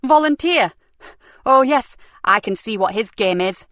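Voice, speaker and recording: A woman's voice: medium pitch, fairly quick, fairly bright tone, dry recording, close to an everyday voice. A woman voicing a tough, sardonic woman detective inspector in an audiobook. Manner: sardonic, defiant.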